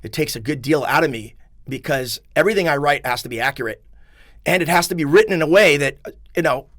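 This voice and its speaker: A man's voice: on the high side, fast, fairly bright tone, no room sound, clean studio sound. A middle-aged man, an attorney and author, talking earnestly and emphatically in a casual podcast conversation, with a self-deprecating streak. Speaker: attorney and book author, guest.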